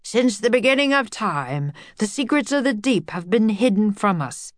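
A woman's voice: medium pitch, expressive, moderate pace, no room sound, studio quality, voice pushed up, natural voice. A woman voicing a portly, jovial older male professor who talks as if giving a lecture. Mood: jovial lecturing. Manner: lecturing, pompous yet twinkly.

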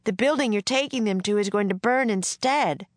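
A woman's voice: mid-range voice, normal speed, no echo, voice pushed up, lightly acted. A woman voicing an earnest, anxious young boy in a storybook reading, urgent and pleading.

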